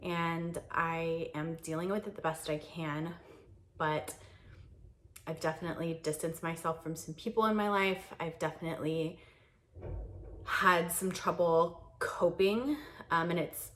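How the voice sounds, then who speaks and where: A woman's voice: fairly low pitch, fairly even intonation, measured pace, fairly bright tone, a little hiss or hum. A young woman vlogger chatting candidly to a camera on a tripod in a carpeted guest room, rambling with many fillers and laughs. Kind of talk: casual chat to camera.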